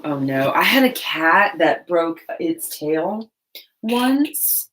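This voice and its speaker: A woman hosting a casual livestream while painting, chatting loosely and joking at herself in quick asides. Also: lowish voice, very animated, a bit bright. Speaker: livestream host. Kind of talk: casual live-stream chat while painting.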